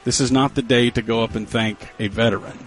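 A man hosts a casual radio talk show in a middle-pitched voice, joking and teasing his co-hosts. Faint music plays underneath the conversation. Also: fairly even intonation, fairly quick. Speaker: radio host.

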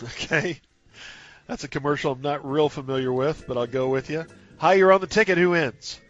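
A man hosting a sports radio show, bantering and taking calls with loud, cheerful greetings. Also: a little high, moderate pace, lo-fi sound. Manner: laughing, upbeat, loud greetings to callers.

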